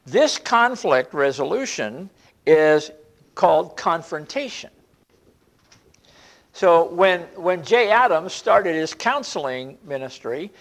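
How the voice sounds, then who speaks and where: A man preaching an expository sermon, animated, slowing down to stress scripture quotes and often restarting his sentences. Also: a little high.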